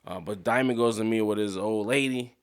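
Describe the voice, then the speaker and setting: A man casually recapping a TV episode, animated and slangy, with frequent swearing and acted-out character lines. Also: fairly low pitch, fairly quick, clear, resonant tone. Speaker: TV show recap commentator.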